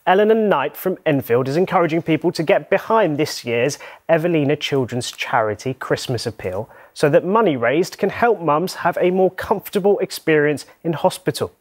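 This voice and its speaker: A man presenting a regional news bulletin, reading scripted headlines in a measured, even way. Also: on the high side.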